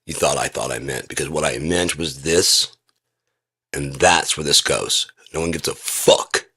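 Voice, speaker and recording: A man's voice: very deep voice, measured pace, pushed and bright, breathy edge. A man talking casually and profanely on his own indoors, rambling through a rant in a lecturing way. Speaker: vlogger. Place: indoor room with a heater.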